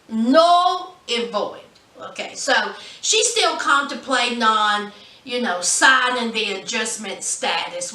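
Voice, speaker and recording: A woman with a medium-pitched, sharp voice recaps a reality show episode casually, telling it in a sassy, gossipy way with drawled asides. The mic sits at a distance in an echoey room.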